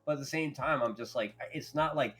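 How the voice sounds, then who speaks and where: A man's voice: mid-range voice, a bit bright. A man co-hosting a casual live-streamed podcast, rambling and swearing freely. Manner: rambling, profane, quick to laugh.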